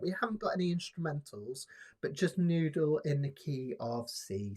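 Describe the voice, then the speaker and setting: A man hosting a live ukulele jam, chatting in a relaxed, rambling way with lots of fillers. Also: medium pitch, a little fast. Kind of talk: casual live-stream teaching chat. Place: home, live stream. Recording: loud ukulele playing behind.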